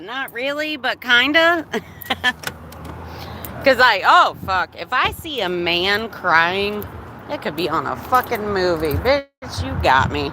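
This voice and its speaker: A woman's voice: medium pitch, animated, slow pace, sharp tone. A woman livestreaming, telling a personal story in a candid way, with a lot of swearing and laughter. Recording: noisy phone recording.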